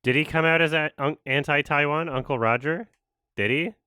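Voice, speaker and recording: A man's voice: a little high, normal speed, sharp tone, clear, resonant tone, dry recording. A man hosting a casual watch-along, commenting sarcastically and mocking what he sees on screen. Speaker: host.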